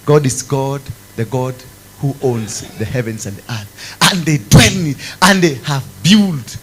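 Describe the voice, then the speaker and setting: A man preaching a sermon, swinging from loud exclamations to low, intense tones. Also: unhurried, a little hiss or hum, rough recording. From Kenya. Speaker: apostle preaching.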